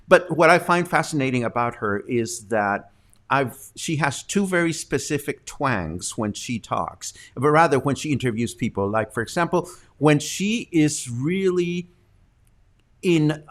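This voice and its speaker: Casting: a casual male live-stream host, mid pitch, talking loosely with many fillers. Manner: chatty, rambling, lots of ums and uhs. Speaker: host of a live news show.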